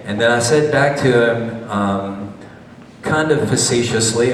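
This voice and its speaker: A man's voice: lowish voice, unhurried, a little hiss or hum. A man giving a chatty, rambling slideshow travel talk and questioning his audience. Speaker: presenter, doctor. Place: large meeting hall. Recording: echoey hall, voice from far off.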